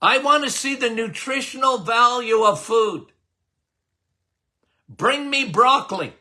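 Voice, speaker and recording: A man's voice: very high-pitched, animated, slow pace, pushed and bright. An older man, a doctor hosting a podcast, talking casually and emphatically to his listeners, repeating himself for effect. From Canada. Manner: emphatic, repetitive, folksy, addresses listeners as guys. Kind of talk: casual health talk to listeners.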